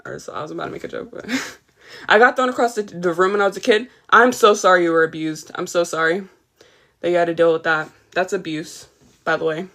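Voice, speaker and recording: Her voice sits on the low side, a bit bright and a little fast, as she hosts a livestream. Slightly tired yet fired up, the host rants with emphasis in this casual stream while repeatedly saying hello to her chat.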